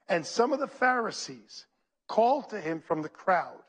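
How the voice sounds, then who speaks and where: At normal speed, a pastor preaches in a high voice with a breathy edge. Animated and preacherly, he reads scripture and calls out to those gathered in his congregation.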